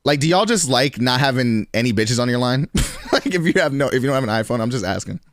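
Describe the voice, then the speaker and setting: A man's voice: mid-range voice, animated, quick pace, no echo, studio quality. A man in his twenties with a New York accent, chatting loosely and profanely with his stream viewers, laughing often. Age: 20s. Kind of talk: casual chat with stream chat.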